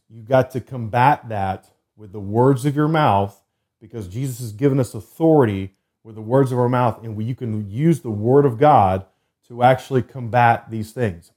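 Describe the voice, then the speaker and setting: A man's voice: mid-range voice, mellow. Earnest man hosting a faith podcast. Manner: earnest, loose and conversational, reads scripture slowly and emphatically. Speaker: podcast host. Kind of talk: faith podcast monologue with scripture reading. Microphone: computer desk setup.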